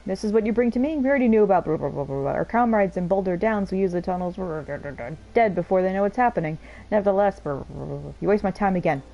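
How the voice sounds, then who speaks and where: A woman's voice: medium pitch, fast talker, gravelly, warm tone, dull audio, close to an everyday voice. A woman voicing a scornful, impatient male conspirator leader while reading game dialogue aloud.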